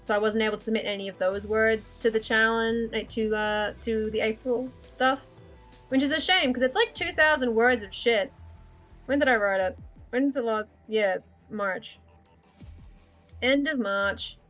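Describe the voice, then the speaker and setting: A young woman rambles through a casual livestream chat, blunt and sweary, breaking into laughter as she talks. Her voice sits a little higher than most, with faint music playing underneath. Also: normal speed, fairly bright tone. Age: young adult. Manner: candid, profane, laughs often. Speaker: livestream host.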